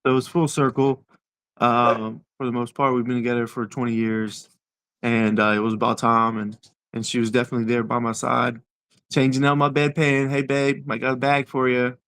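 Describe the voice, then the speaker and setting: A man in his forties, an interview guest telling his personal story in a halting way, repeating words as he goes. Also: mid-range voice, flat delivery, a bit bright, no echo.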